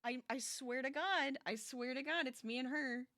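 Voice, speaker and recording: Bright-voiced, chatty woman streamer. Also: high voice, normal speed. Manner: chatty, animated, laughs often, talks to chat. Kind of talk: casual chat while crocheting on stream.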